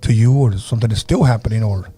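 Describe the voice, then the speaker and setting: A man's voice: fairly low pitch, fast, husky. A man hosting a paranormal podcast, telling stories casually and opening the phone lines to listeners. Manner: relaxed storyteller, acts out quoted voices; takes calls from listeners. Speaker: podcast host.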